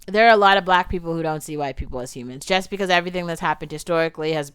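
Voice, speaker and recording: A young adult woman giving casual, animated commentary on a film, outspoken and full of "like", with frequent swearing. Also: fairly low pitch, rapid-fire, clear, resonant tone, no echo.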